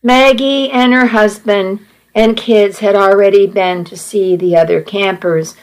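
A woman reading a first-person story aloud at an unhurried pace, with small restarts. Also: mid-range voice, steady tone, rough recording. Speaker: narrator reading a novel aloud. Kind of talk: first-person audiobook narration.

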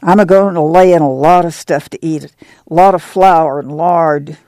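A man's voice: a little high, moderate pace, a little mellow, dry recording, pitched above the performer's own voice, close to an everyday voice. A man voicing an eager, hopeful older farm mother who babbles on in folksy rural speech. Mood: pleading.

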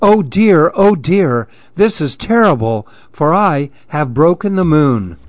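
A man voicing a frightened small young male monkey in a storybook reading, with high excited cries. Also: takes it slowly, dry recording, highs cut off.

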